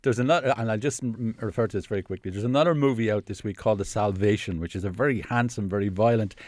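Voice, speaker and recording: A man's voice: fairly low pitch, quick pace, darkish tone, dry recording. An Irish man talking about new films on the radio, hesitant, with many fillers and restarts. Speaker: film critic. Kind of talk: casual radio film review. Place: radio studio in Dublin.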